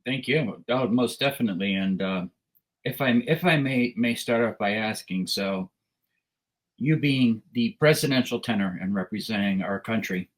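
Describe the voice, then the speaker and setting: A man's voice: on the low side, normal speed, poor audio. A man from Connecticut, co-hosting a podcast, asks long, rambling questions full of fillers. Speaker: podcast co-host.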